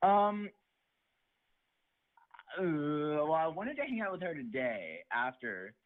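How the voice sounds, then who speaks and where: A man's voice: fairly high pitch, very animated, slow pace. A teenage boy calling in to a show, hesitantly retelling a story about a girl with lots of fillers. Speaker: caller. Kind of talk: rambling phone story. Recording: tinny phone line.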